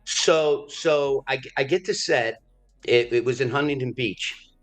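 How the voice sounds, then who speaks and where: A middle-aged man telling a story in a relaxed interview. He talks at an ordinary pitch and keeps things lively by playing the other people in his story. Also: unhurried, faint music behind. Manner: animated storyteller, acts out quoted voices. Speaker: actor being interviewed.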